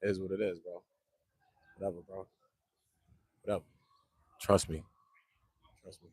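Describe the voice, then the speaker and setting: A man's voice: sits low, level tone, normal speed, slightly rough, no room sound. A man, rambling casually to the camera in slang, joking and repeating himself.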